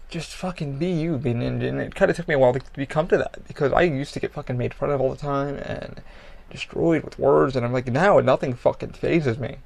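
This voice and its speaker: A man's voice: mid-range voice, vocal fry. A man hosting his own podcast, talking bluntly and candidly about his life, swearing often and restarting sentences as he goes. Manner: blunt, profane, halting with restarts. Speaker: podcast host. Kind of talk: candid personal monologue. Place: Florida.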